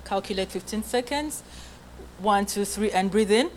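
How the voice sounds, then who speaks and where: A woman coaching a choir's breathing in an indoor rehearsal room, with a faint hum of room sound behind her. Her pitch sits in a middling range. She counts aloud, gives short commands and keeps checking in with the group. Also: normal speed, rough recording. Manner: coaxing, checks in often with "okay?". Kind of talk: group breathing and singing lesson.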